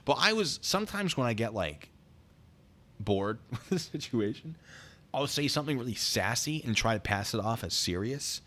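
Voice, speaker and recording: Lively storytelling man, bright voice. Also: medium pitch, normal speed. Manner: animated, acts out quoted voices; self-described deadpan humor. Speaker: streamer telling stories. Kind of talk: casual storytelling chat.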